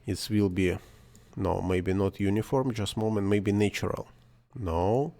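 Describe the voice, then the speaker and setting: Male non-native English speaker, lowish voice, hesitant self-correcting software tutorial narration. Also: fairly even intonation, unhurried. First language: not English. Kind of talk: screen-recorded software tutorial.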